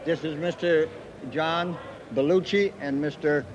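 A man's voice: a little high, steady tone, measured pace. A man working as an emcee, introducing performers with boastful, jokey patter and fumbling names. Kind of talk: rapid stage patter. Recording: muffled archive clip with loud crowd.

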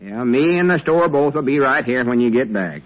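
An actor playing a folksy middle-aged country storekeeper, in an easygoing drawl, in 1940s radio acting. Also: male voice, mid-range voice, expressive, moderate pace, close to an everyday voice, rough recording. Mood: cheerful.

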